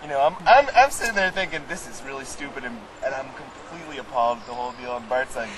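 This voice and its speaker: A man telling a rambling story to friends in casual chat, halting and restarting often, recorded outdoors with a crowd behind him. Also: medium pitch, lively intonation, noisy background.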